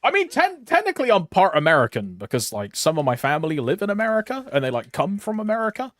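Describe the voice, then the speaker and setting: A man's voice: sits high, wildly swooping pitch, quick pace, fairly bright tone, no room sound, faint music behind. A young man from Britain, chatting casually on a game stream, rambling with lots of fillers and humming to himself. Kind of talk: casual live-stream chat.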